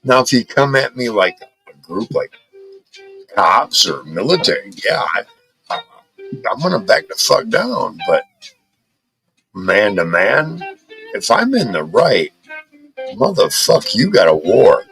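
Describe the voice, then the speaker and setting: A man's voice: medium pitch, sing-song, unhurried, vocal fry, pauses often, fairly bright tone, soft background music, low-quality recording. A man hosting a casual chat, blunt and defiant, swearing heavily with stammering restarts. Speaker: podcast host.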